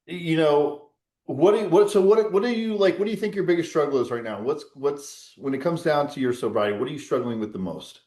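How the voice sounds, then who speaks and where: A man's voice: fairly high pitch, a little fast, darkish tone. A man hosting a sobriety support call, talking casually and rambling, swearing now and then. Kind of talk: casual group call chat. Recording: roomy echo.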